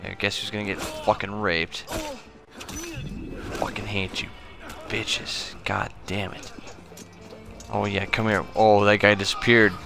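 A drunk man streaming a game, talking slowly and irritably, swearing all the time as he comments on play. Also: fairly low pitch, level tone, vocal fry, over music. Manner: slow, slurred, irritable, swearing constantly. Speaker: gaming streamer. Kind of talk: profane drunk gameplay commentary.

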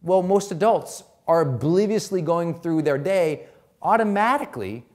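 A man's voice: a little high, lively intonation, moderate pace, darkish tone. A middle-aged man giving an emphatic motivational talk as a personal growth coach, repeating his key points.

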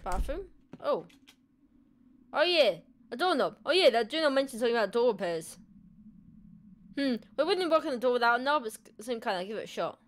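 A woman's voice: fairly high pitch, lively intonation, brisk, long pauses. A young woman playing a horror game and commenting in a joking, self-mocking way. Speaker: gamer. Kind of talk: let's play commentary.

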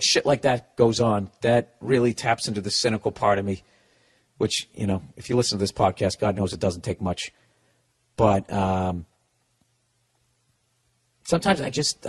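A middle-aged man with a Boston accent hosting a podcast, giving comedic advice in a profane, ranting way with stammering restarts. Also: fairly high pitch. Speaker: podcast host.

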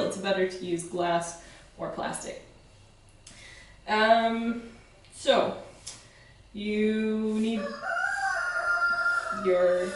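A woman's voice: medium pitch, far from the mic, slight background noise. Woman teaching in a very echoey kitchen. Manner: friendly explanatory, with fillers and restarts. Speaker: soap-making instructor. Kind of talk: casual home demonstration. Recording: very echoey room, voice from away from the mic.

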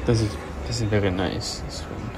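A man's voice: on the low side, steady tone, normal speed, noisy background. A young man, rambling casually and swearing freely in a vlog. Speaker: vlogger. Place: in a car, then inside a store.

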